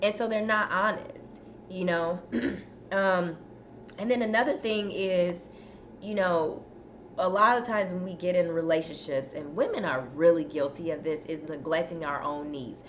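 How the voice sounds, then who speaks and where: Host, female, relaxed and chatty with her audience, lower register, battling a dry cough; faint background noise. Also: moderate pace, lo-fi sound. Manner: chatty, addresses viewers as "y'all". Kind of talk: casual live-stream chat.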